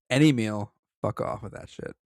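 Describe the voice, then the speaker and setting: A man with a fairly low voice, speaking at normal speed with no room sound, co-hosts a podcast. He reads a story aloud and breaks off between passages for profane, joking asides.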